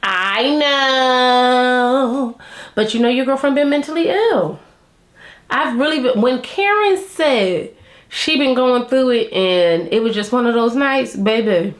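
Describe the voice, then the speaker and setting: A woman's voice: high voice, expressive, slow pace. Chatty woman vlogger in a roomy room. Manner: chatty and candid, slangy, laughs often. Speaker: vlogger reviewing a reality show. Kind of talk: casual chat to camera. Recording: roomy echo.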